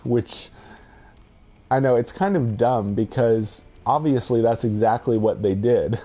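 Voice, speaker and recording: A man's voice: medium pitch, steady tone, measured pace, dark tone. A man giving musing, hesitant commentary over his own space exploration gameplay, trailing off and restarting his thoughts. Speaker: game video host.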